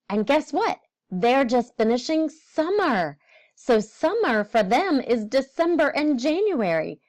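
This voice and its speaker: Slow, lively woman teaching kids. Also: medium pitch. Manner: asks the class questions and confirms answers. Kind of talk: virtual field trip lesson for children.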